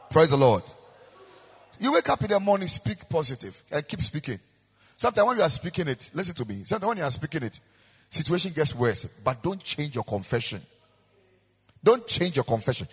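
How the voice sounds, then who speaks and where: A man's voice: a little high, big pitch swings, normal speed, pauses often, breathy edge. A man with a Ghanaian accent preaching a sermon as pastor, with a sing-song, repetitive delivery. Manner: preaching with sung, rising and falling emphasis and repetition. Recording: echoey hall with long reverb.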